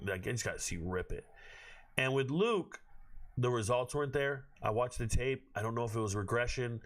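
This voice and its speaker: A man hosting a live stream from his home on his own microphone, talking bluntly with plenty of swearing and sudden bursts of shouting. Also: medium pitch. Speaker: host of a draft watch party stream. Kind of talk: casual live-stream commentary.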